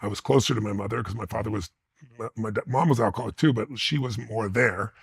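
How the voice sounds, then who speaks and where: A man's voice: fairly low pitch, fast, creaky, breathy edge, no echo. A man being interviewed, telling personal stories with intensity and blunt emphasis. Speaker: interview guest. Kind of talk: animated personal storytelling.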